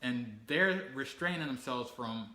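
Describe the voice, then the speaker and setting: A man's voice: mid-range voice, expressive, a little slow, sharp tone. A man casually telling a travel story on a family channel, acting out the people he quotes and laughing as he goes. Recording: echoey room with faint ambient noise.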